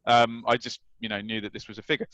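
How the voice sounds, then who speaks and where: A man in his thirties from England, a guest telling anecdotes with lively retelling. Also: medium pitch, quick pace, no room sound, rough recording. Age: 30s. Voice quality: lively storyteller who acts out scenes. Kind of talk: anecdotal chat.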